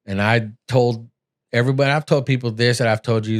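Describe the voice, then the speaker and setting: A man's voice: mid-range voice, fairly even intonation, fairly quick. A middle-aged man hosting a podcast, telling his own story in a candid, earnest, blunt and emotional way. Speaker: podcast host.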